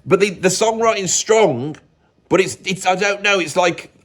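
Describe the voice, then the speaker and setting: An English music commentator rambles through a casual, opinionated monologue, often cutting himself off mid-thought. His voice is high-pitched and moderately paced.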